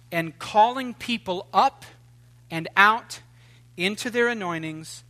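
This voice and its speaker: A man preaching a sermon in an animated, joking way, swinging between loud outbursts and hushed asides. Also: high-pitched. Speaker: pastor.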